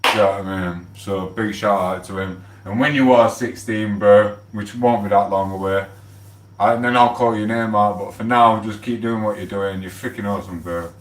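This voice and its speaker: A man, rambling and swearing casually as he gives shout-outs on his livestream. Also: on the low side, steady tone, moderate pace, far from the mic, a little hiss or hum. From England. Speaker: livestream host. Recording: echoey room, off the mic.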